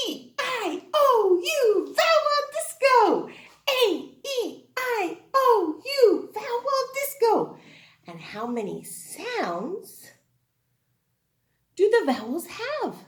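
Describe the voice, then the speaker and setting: A woman's voice: high voice, a bit bright. A woman teaching a kindergarten class in an exaggerated sing-song, call-and-response way. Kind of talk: teaching young children. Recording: roomy echoing room.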